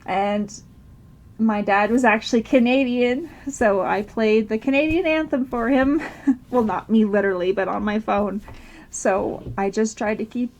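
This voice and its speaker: A woman's voice: on the high side, a little slow, highs cut off. A woman telling a personal story to camera, rambling with restarts and nervous laughter while tearful. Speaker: vlogger.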